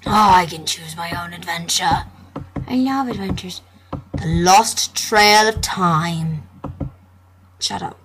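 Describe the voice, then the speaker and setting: A woman's voice: fairly low pitch, takes it slowly, pauses often. A young woman playfully commentating a computer game, joking and reading the dialogue aloud. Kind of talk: gameplay commentary.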